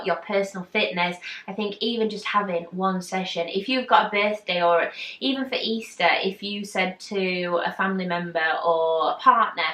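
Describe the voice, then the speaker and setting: A woman telling a story to camera in a casual, animated way, acting out what people said. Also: fairly low pitch. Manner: animated, chatty, acts out quotes. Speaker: vlogger. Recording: echoey room, mic at a distance.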